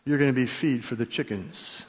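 A man's voice: medium pitch, moderate pace, long reverb tail, voice pushed down, natural voice. A man voicing an exasperated feed store owner scolding his parrot, in a joke told during a sermon. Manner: stern, scolding.

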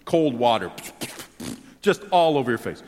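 A man preaching a sermon as pastor, animated, swinging between excited exclamations and soft low asides. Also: measured pace, slight background noise. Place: church sanctuary. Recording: long hall reverb.

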